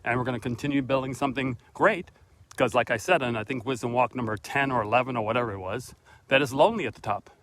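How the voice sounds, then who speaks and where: A middle-aged man, mid-pitched, talking straight into his phone as he walks outdoors. He is earnest and a little preachy, like a mentor giving a pep talk to his followers. There is faint outdoor noise behind him. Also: fast talker, a bit bright. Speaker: motivational vlog host. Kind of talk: casual motivational monologue on a walk. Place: outdoors on a walk, then at his front door. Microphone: phone camera held by the speaker.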